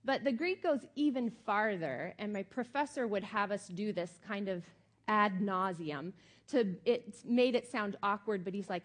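A woman's voice: medium pitch, measured pace. A middle-aged woman pastor giving a sermon in a conversational, emphatic way with many fillers.

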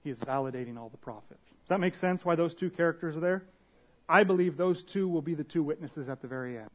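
A young man delivers a sermon in a loose, conversational style, slipping into slang and restarting his sentences as he reads and explains scripture. His voice sits a little higher than most men's. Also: quick pace. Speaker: pastor.

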